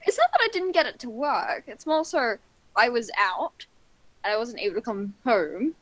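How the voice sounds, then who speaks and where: A woman's voice: fairly high pitch, very animated, moderate pace, dry recording, rough recording. A woman from Australia with a slightly British-sounding Australian accent, chatting and joking on a voice call from her backyard. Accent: Australian with a British-sounding tinge. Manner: teasing, dry jokes. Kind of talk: casual chat. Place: outdoors in a backyard.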